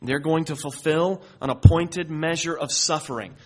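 A man's voice: fairly high pitch, normal speed. A man preaching a sermon as pastor, earnest and building to emphatic peaks as he reads and explains scripture.

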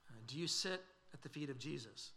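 A man's voice: fairly high pitch, expressive, a little fast, bright, forceful tone, slight background noise. A man preaching a sermon, earnest and questioning, with frequent fillers and restarts.

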